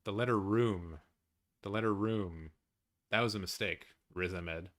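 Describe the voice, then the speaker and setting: Excitable swearing man reacting live. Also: lowish voice, a little slow. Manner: excitable, swears a lot, talks to chat. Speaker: streamer hosting a live watch-along. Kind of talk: casual live-stream reaction chat.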